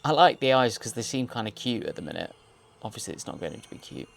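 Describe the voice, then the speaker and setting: A man's voice: medium pitch, sing-song, quick pace, gravelly. Male host, wry and jokey, rambling horror episode commentary.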